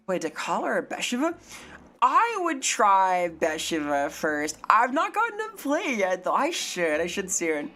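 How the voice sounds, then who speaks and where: A woman chatting casually on a live stream, rambling, joking and swearing freely. Her voice bounces through a lively pitch range, though her throat sounds strained from too little sleep. Faint music plays behind her. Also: slow.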